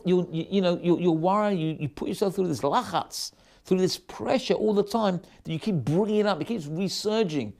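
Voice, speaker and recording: Male rabbi, storytelling sermon, lively swooping pitch, repeats words, restarts. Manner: animated, frequent restarts and stammers.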